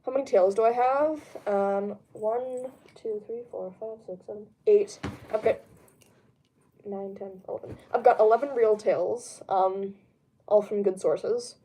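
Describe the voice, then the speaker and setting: In an unhurried, mellow medium-pitched voice, a young woman streamer chats casually from her home room while replying to a live chat. She wanders from topic to topic with many ums, laughing every so often.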